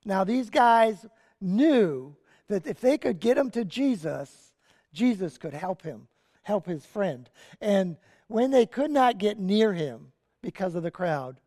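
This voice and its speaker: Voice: mid-range voice, expressive, slow, dark tone, long reverb tail. A pastor giving a sermon and telling a story with animation and casual asides. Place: church sanctuary.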